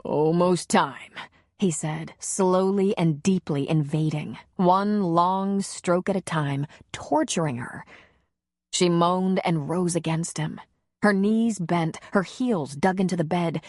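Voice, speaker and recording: A woman narrating a romance audiobook in a slow, measured, intimate reading. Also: lowish voice, darkish tone, dry recording, studio quality.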